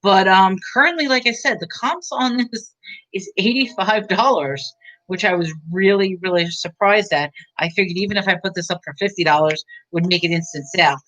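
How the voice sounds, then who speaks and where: A woman's voice: medium pitch, moderate pace, a bit bright, dull audio. A woman giving a casual, rambling movie review, chatty and giggly, with many fillers.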